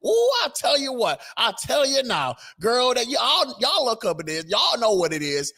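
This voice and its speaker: Man putting on a sassy, exaggerated woman politician voice, much higher than his own, drawling. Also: very animated, moderate pace, sharp tone, slightly rough, exaggerated voice. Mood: mocking. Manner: exaggerated, drawling, high-pitched mimicry.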